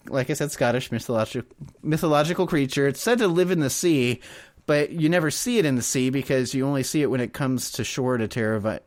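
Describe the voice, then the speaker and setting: A man's voice: medium pitch, no room sound. A man co-hosting a casual podcast, rambling and laughing often as he explains a topic. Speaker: podcast co-host. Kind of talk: casual chat.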